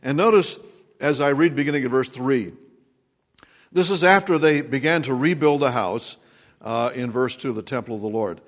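A man, a pastor, preaching a sermon in a relaxed, conversational way with frequent filler words. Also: mid-range voice, normal speed.

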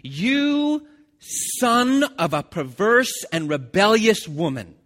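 A man voicing an enraged old king, reading his words slowly and loudly. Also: sing-song, big-room sound, full character voice. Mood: raging. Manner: slow, loud, booming reading. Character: furious accusing king, older man.

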